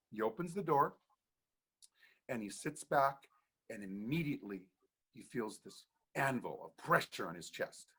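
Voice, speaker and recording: Bright-voiced man telling a ghost story. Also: mid-range voice, breathy edge. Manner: animated, laughing often, doing quoted voices. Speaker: podcast guest, horror storyteller. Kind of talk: casual storytelling.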